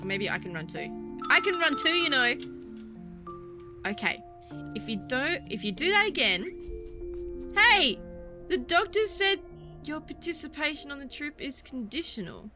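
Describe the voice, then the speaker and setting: A woman's voice: sits high, sing-song, a little slow, long pauses, voice pushed up. A woman voicing a stern female schoolteacher who scolds children on a class trip, over game music. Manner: bossy, scolding.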